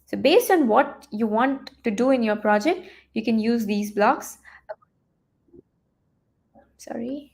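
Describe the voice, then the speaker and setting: A woman teaching a live online coding lesson, talking her students through the screen with lots of fillers, restarts and thinking out loud. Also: a little high, lively intonation, normal speed, creaky, hardly any pauses. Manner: chatty, thinks aloud with many fillers and restarts.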